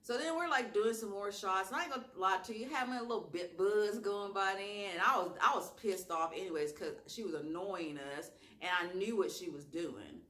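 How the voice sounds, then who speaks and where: A woman with a strong Southern accent, telling a wild story in a casual vlog with slang and lively asides. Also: mid-range voice, a little fast, few pauses. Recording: echoey room.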